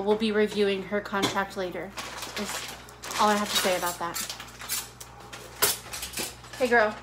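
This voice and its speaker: A woman's voice: medium pitch, background noise. A woman hosting a home cooking show, talking in a casual, playful, teasing way from her kitchen. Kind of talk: casual joking chat.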